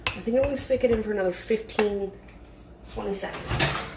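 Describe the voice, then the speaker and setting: A woman's voice: mid-range voice, fairly quick, noisy background. A woman giving a casual, rambling cooking demonstration in her home kitchen, chatting as she works with lots of fillers and restarts.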